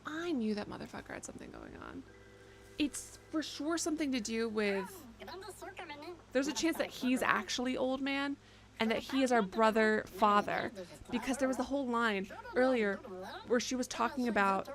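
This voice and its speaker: A woman's voice: a little high, normal speed. A young woman streaming a game, joking, swearing and reading the game text aloud, with game music under her voice. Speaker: livestreamer. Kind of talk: casual gaming commentary.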